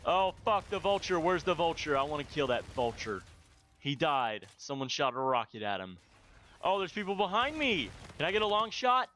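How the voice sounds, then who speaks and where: A man commentating his own shooter gameplay, swearing and yelling outbursts at opponents. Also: on the high side, big pitch swings, moderate pace, a little hiss or hum. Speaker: gaming video host.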